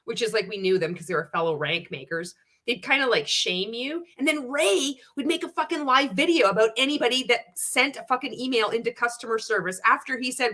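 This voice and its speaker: Woman, livestream host, bright tone, a bit high, candid and profane, reads chat comments. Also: brisk. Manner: profane, laughing often, candid; reads viewer chat aloud. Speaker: livestream host reacting to a show. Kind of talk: casual reaction livestream.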